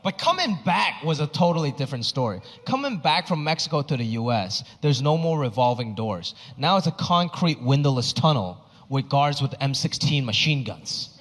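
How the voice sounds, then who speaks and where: A man's voice: medium pitch, sing-song, normal speed, few pauses, a bit bright. A man from Hong Kong, a stand-up comedian, telling a self-mocking story in a stand-up set. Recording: reverberant theater hall.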